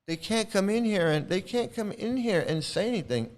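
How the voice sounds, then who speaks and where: Combative higher-voiced male streamer. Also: lively intonation, normal speed. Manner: combative, repetitive, speaks straight to viewers. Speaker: livestream host. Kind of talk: livestream commentary, answering chat.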